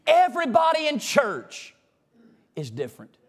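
High-voiced preacher man. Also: huge pitch swings, measured pace, creaky. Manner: folksy, call-and-response preaching, swings from loud to hushed. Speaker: pastor. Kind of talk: sermon. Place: church sanctuary.

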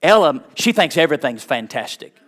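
Middle-aged male pastor, fervent storytelling preacher, higher-pitched voice, hushed to shouting. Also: big pitch swings, brisk. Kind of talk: sermon with storytelling.

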